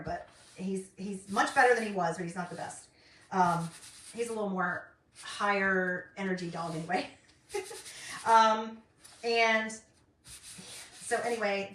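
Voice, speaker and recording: Middle-aged woman, rambling craft chat, bright tone, roomy far-off mic. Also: mid-range voice. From North Carolina, US. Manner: rambling and chatty, many ums. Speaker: craft vlogger. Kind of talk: casual chat while crafting. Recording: roomy, distant, faint noise.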